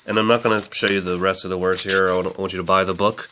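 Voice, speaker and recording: Chatty man with a low voice. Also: level tone, fast, background noise. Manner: chatty, rambling, self-correcting. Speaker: book reviewer. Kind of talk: casual book review to camera.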